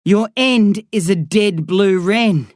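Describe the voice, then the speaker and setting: A woman voicing a calm, mysterious teenage boy who speaks slowly and deliberately. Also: medium pitch, dry recording, studio quality, close to an everyday voice.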